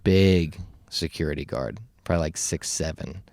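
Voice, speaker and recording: A man's voice: very deep voice, normal speed, darkish tone, no room sound. A young man co-hosting a podcast, telling a story casually and animatedly, full of fillers and laughs. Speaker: podcast co-host.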